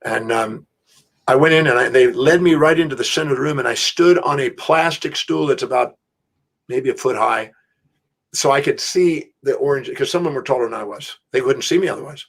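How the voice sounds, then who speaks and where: A middle-aged man, an interview guest, telling a story in an animated, emphatic way, with restarts. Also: mid-range voice, brisk. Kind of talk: storytelling anecdote.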